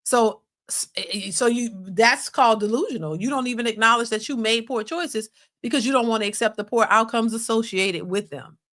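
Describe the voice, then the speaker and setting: Casting: woman host, high bright voice, emphatic live-stream commentary with frequent restarts. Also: a little fast. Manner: animated, restarts often, emphatic. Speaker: reaction channel host.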